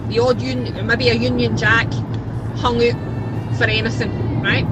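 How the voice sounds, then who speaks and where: A woman's voice: a little high, very noisy. A Scottish woman in a furious, sweary rant, talking from a car. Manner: furious, sweary, shouting bursts. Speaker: resident ranting on video. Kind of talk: angry rant.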